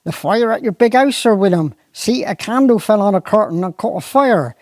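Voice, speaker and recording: A Cornish dialect performer voicing a slow-witted, apologetic old gamekeeper with a broad Cornish accent who talks hesitantly and roundabout. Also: male voice, high-pitched, animated, a little mellow, no echo, studio quality, pitched above the performer's own voice.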